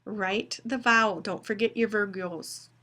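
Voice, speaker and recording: A woman phonetics instructor giving a recorded lecture, deliberately spelling out sounds and dictating test words. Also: medium pitch, steady tone, sharp tone.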